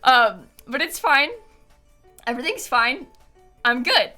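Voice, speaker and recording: Bright-voiced young woman streamer, rambling. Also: sits high, animated, slow pace. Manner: rambling, many fillers, nervous laughs. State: shaken, near tears. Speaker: game streamer. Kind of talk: casual live-stream chat. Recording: faint music behind.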